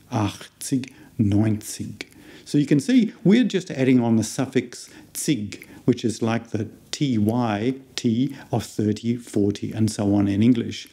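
A man's voice: medium pitch, mellow. A man with an Australian accent, a university lecturer giving a beginner language lesson and patiently explaining each sound. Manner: patient, explains sounds step by step and repeats words slowly.

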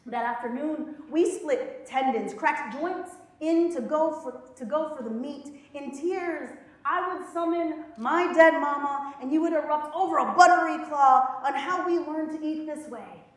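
Woman poet, high voice, rhythmic dramatic spoken word, very echoey lecture hall. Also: unhurried. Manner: rhythmic, dramatic poetic delivery with playful laughing asides to the audience. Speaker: poet performing a reading. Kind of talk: spoken word poetry performance.

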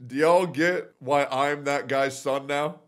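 A man's voice: a little high, fairly even intonation, slow, loud music behind the voice. A man streaming, chatting casually and bluntly, with swearing in his talk.

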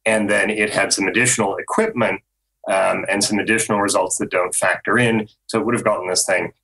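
A man on a podcast panel, an automotive journalist explaining news in a measured way with frequent ums. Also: on the low side, fairly even intonation, vocal fry, bright, forceful tone, poor audio.

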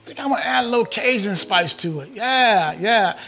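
A chef talks viewers through his cooking in a chatty, excited way. The man's voice sits high and rings bright and forward. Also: a little fast, faint music behind. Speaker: chef hosting a cooking show. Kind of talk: cooking demonstration.

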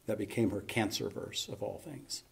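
Gravelly preacher man delivering a sermon. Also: lowish voice, normal speed. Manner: folksy preaching, building to loud emphatic peaks. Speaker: pastor. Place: church sanctuary.

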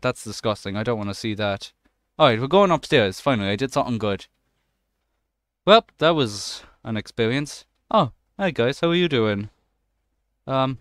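Excitable young man, smooth voice. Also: mid-range voice, no echo, clean studio sound. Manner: excitable, swears often, jokey running commentary. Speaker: gaming channel host. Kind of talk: let's play commentary.

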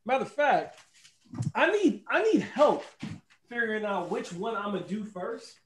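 A man's voice: sits high, sing-song, unhurried. A middle-aged man from the United States hosting a casual livestream chat, laughing often and reading the chat aloud. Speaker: host.

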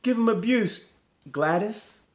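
A man's voice: high voice, animated, slow, pitched above the performer's own voice. A man voicing a kind, clever female hen hairdresser in a read-aloud picture book. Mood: encouraging.

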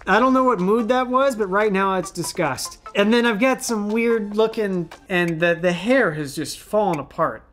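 Self-mocking man joking over soft music. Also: sits high, normal speed, hardly any pauses. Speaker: former child actor reviewing his old outfits. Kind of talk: casual vlog commentary.

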